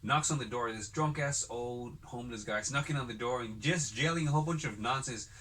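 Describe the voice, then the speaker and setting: A man's voice: medium pitch, a little fast, a bit bright. A man hosting a casual podcast chat, telling long rambling stories full of cursing. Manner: rambling profane storyteller.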